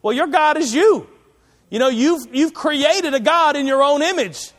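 A pastor delivers a sermon in a notably high male voice. His preaching is conversational yet emphatic, full of asides to the congregation. The sound carries the long reverb of a large church hall. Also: measured pace, fairly bright tone.

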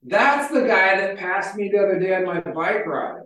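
In a very echoey hall with the mic far away, a pastor with a high, expressive voice, pushed and bright, preaches at normal speed. The sermon is chatty and storytelling, loaded with fillers like "like."

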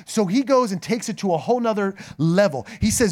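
A pastor preaching a sermon, telling scripture stories and acting out the quotes with lively, dramatic delivery. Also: male voice, sits high, fairly quick, hardly any pauses.

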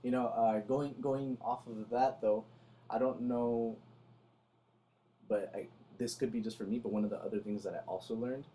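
A young man co-hosting a podcast in casual chat, pushing himself to talk louder than he normally does and telling stories with animation, close to the mic. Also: medium pitch, steady tone, normal speed. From Salvadoran family in the United States. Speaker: podcast co-host.

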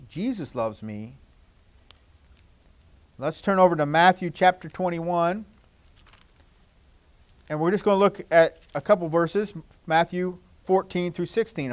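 Male pastor, fairly high voice, children's sermon, gentle and repetitive, sometimes loud, sometimes hushed.

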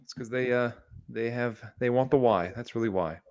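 A man's voice: medium pitch, moderate pace, a little mellow. A young man co-hosting a podcast in casual, joking chat, full of "dude" and "bro". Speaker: podcast co-host.

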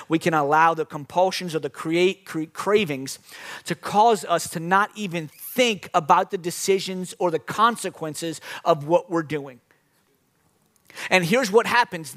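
A young male pastor with a high, bright voice delivers a sermon. He tells his stories in an animated way, with sudden loud bursts of energy.

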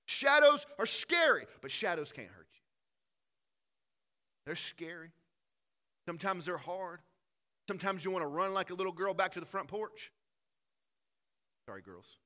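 Man, pastor, sermon, bright voice, animated delivery. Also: high-pitched, moderate pace, long pauses. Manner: animated preaching, swinging between loud emphasis and quiet.

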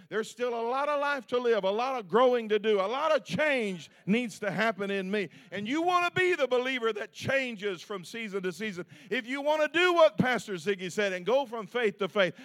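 Male pastor, high voice, bright and forceful, preaching with shouts and hushed asides. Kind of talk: sermon.

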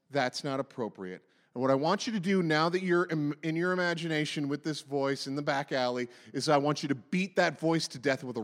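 A man's voice: on the high side, a bit bright, big-room sound. A man in his forties preaching a sermon, impassioned and emphatic, hammering repeated phrases. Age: 40s. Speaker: pastor.

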